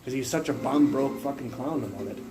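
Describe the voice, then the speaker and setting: This young live streamer speaks fairly quickly at a medium pitch, chatting casually on his phone stream. He is blunt and profane, rambles, and keeps restarting sentences, all on a low-quality recording.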